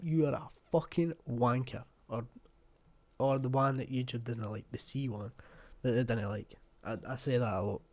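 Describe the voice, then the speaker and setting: A man's voice: mid-range voice, warm tone. A man with a West of Scotland accent hosting a reaction video, talking casually, swearing bluntly and joking.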